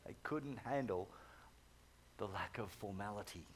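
A middle-aged pastor preaching a sermon, telling stories with animated swings from loud urging to hushed tones. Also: male voice, on the low side, measured pace, a little hiss or hum.

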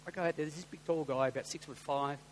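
An Australian man and pastor tells a story in a sermon, animated and getting loud when excited. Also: a little high, fast talker. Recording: long hall reverb with faint hum.

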